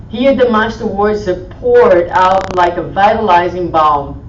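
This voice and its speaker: Woman giving a gentle sermon in a roomy hall. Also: on the low side, a little hiss or hum. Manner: gentle, soothing, softens to a hush when quoting. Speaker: speaker at a spiritual meeting. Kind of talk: sermon-style talk. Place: meeting hall. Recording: roomy, distant, dull live stream audio.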